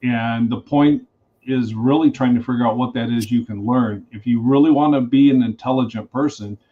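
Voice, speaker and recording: Reptile breeder guy on a podcast, blunt and animated, slightly dull lo-fi audio. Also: mid-range voice, normal speed. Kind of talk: casual podcast chat.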